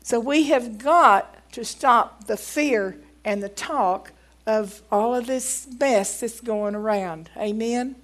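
A woman's voice: fairly high pitch, slow. A woman giving a folksy sermon, reading aloud from a book and growing emphatic as she preaches. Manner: folksy, grows emphatic and loud when preaching.

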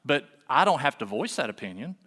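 Preacher guy, folksy and chatty, bright tense voice, long echo off the church hall. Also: mid-range voice, sing-song, brisk. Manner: folksy, conversational preaching with rhetorical questions. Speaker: pastor. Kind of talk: sermon.

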